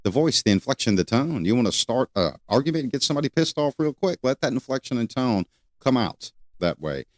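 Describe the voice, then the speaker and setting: An older man hosting a solo talk show, rambling and repeating questions with many pauses. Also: medium pitch, no room sound, studio quality. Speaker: host.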